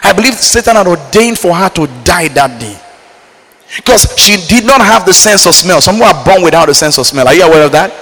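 A man from Nigeria preaching a sermon, swinging between loud emphatic lines and low quiet asides. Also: lively intonation, fairly quick. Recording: reverberant hall.

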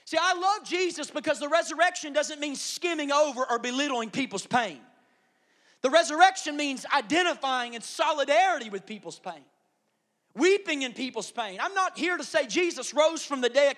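A middle-aged man preaching a sermon as pastor, acting out the voices in the story and swinging from loud, pressing lines to hushed whispers. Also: extremely high pitch, animated, normal speed. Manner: dramatic, swings from loud shouting to hushed whispers, acts out quotes.

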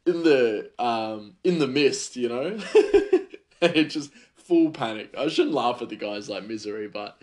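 A man's voice: medium pitch, expressive, a little slow. A man hosting a podcast, telling stories in a chatty, rambling way full of fillers. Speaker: podcast host. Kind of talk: casual storytelling.

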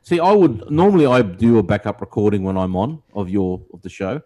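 A man's voice: fairly low pitch, lively intonation, fairly quick, dark tone. A man, chatting casually and teasing his co-host with jokey banter. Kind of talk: casual chat.

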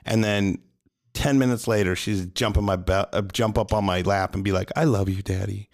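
A man's voice: fairly low pitch, steady tone, moderate pace. A man who coaches gymnastics, explaining his method in casual talk, asking and answering his own questions and often adding "right?". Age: adult with a young daughter. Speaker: gymnastics coach, podcast co-host.

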